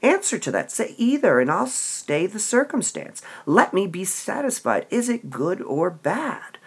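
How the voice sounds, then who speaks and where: An impatient young girl pleads for news, her voice pitched high and restless, as a man reads her lines aloud. The delivery is lively, with a husky edge. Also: unhurried, full character voice. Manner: read in a raised, pleading tone.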